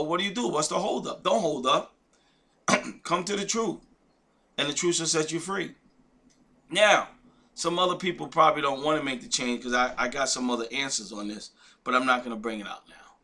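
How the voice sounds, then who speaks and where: Man, slightly high voice, preaching informally to camera, emphatic, repetitive, throws in asides. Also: pushed and bright. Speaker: religious video teacher.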